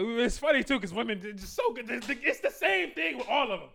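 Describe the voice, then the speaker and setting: Talking fast with few pauses, a man with a very high, sing-song voice, sharp tone, and vocal fry brags crudely about dating in a casual monologue. He laces it with slang and laughter and plays out the dialogue from his own conversations.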